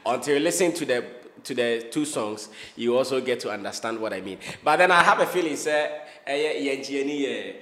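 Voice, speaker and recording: A man's voice: mid-range voice, expressive, a little fast, hardly any pauses, a bit bright, in a large hall. A man with a Ghanaian accent hosting an interview, upbeat and casual, slipping Twi phrases into his English. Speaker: show host.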